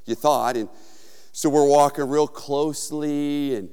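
A man's voice: a little high, steady tone, a little slow, darkish tone, smooth. Man preaching in an echoing hall. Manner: conversational, storytelling, with frequent fillers. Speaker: pastor. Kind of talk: sermon.

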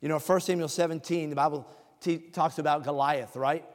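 A man preaching a sermon, reading scripture slowly and with emphasis, then explaining it in a conversational way. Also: fairly high pitch, steady tone. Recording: reverberant hall.

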